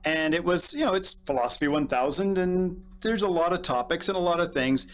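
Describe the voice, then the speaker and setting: Guy co-hosting a chat show, kinda high voice, rambly, laughs at himself a lot. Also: a little fast, fairly bright tone. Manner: rambling, self-deprecating storyteller with frequent restarts and laughs. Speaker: co-host. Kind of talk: casual talk-show chat.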